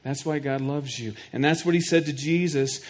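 Middle-aged male pastor with a voice pitched a little high, preaching earnestly. He stutters on restarts and keeps asking the room questions. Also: normal speed. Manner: earnest, repeats words while building points; speaks directly to the congregation with questions. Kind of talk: sermon.

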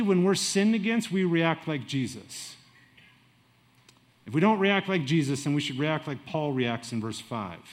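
A middle-aged man preaching a sermon in a lively way, swinging between loud and quiet and acting out asides. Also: on the high side. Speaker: pastor.

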